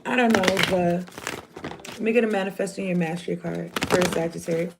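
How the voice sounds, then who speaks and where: A woman's voice: on the low side, a little fast, vocal fry. A woman giving a casual, rambling tarot reading to her viewers, chatty and slangy. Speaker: tarot reader. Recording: noisy home recording.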